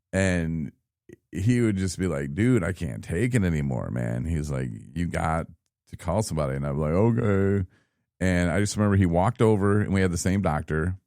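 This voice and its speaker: A man in his thirties from Michigan, telling his own story in a casual, animated podcast chat and acting out what people said. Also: deep voice, no room sound, clean studio sound. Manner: animated, laughing, acts out quoted people. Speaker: podcast guest.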